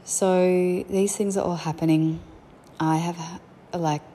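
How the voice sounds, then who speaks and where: Slow and steady, a young mother's low, warm voice carries casual, reflective tales from her family life. There's slight background noise as she talks frankly and conversationally.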